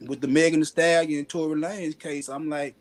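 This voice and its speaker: Man, host, animated slangy storytelling, raised voice. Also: on the high side, fairly quick. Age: adult with a daughter. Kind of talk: casual chat.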